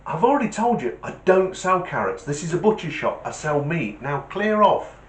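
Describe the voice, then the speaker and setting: A man playing an exasperated male butcher who keeps shouting at a customer. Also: a little high, very animated, normal speed, a little hiss or hum, voice pushed up. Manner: shouting, fed-up scolding. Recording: roomy shed echo.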